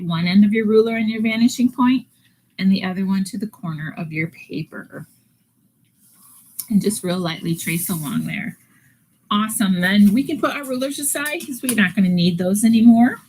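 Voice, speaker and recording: A woman's voice: medium pitch, fairly quick, darkish tone, slight background noise, low-quality recording. A woman art teacher giving a live online drawing lesson, talking through each step patiently with frequent fillers.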